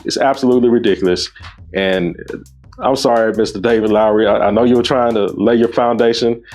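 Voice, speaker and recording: A man's voice: fairly low pitch, fairly even intonation, a little fast, a little mellow, faint music behind. A man hosting his own show, giving opinionated commentary on a debate clip in an emphatic, scornful way that rises sharply when he gets indignant.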